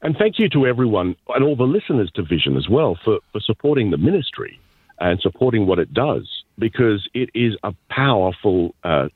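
A man's voice: fairly low pitch, very animated, brisk, breathy edge, no room sound. An Australian man from the outback talking modestly with radio hosts as a phone-in guest. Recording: tinny phone line.

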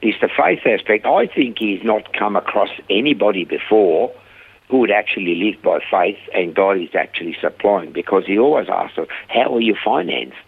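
A man guest telling lively stories about his ministry, acting out the people he quotes, heard over a phone line. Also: lowish voice, normal speed, vocal fry, breathy edge, no room sound. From Australia. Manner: animated storyteller, acts out quoted voices. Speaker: guest, rehab ministry founder. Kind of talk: conversational storytelling interview. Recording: dry phone-line sound.

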